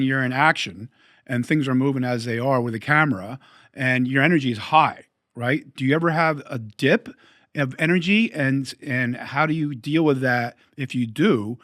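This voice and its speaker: A man hosting an interview podcast, asking questions and reflecting in a measured, coach-like way. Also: mid-range voice, a bit bright, no echo, studio quality. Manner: measured, coaching tone, energy jargon. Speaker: podcast host.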